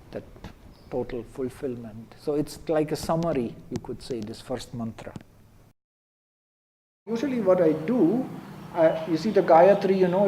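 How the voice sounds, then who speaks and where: Guy teaching a chant class, kinda high but mellow voice, slow chant lines, faint room hum. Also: low-quality recording. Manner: explanatory, leads chant slowly for students to repeat. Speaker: Veda teacher. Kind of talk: lecture with call-and-response chanting.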